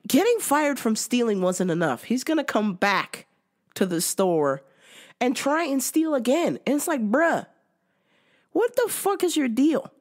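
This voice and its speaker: Profane, animated woman ranting. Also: fairly high pitch. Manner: profane, sarcastic, laughs often. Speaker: podcast host. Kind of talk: casual ranting commentary.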